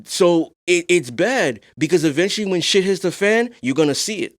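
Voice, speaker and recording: A young adult man hosting a podcast, talking in a casual discussion, soft-spoken and calm but rising to animated emphasis. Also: high-pitched, moderate pace, no echo, studio quality. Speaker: podcast host.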